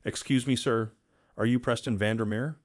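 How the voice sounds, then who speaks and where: Calm, formal police officer, read by the male narrator, procedural tone. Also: medium pitch, moderate pace, dry recording, studio quality, natural voice.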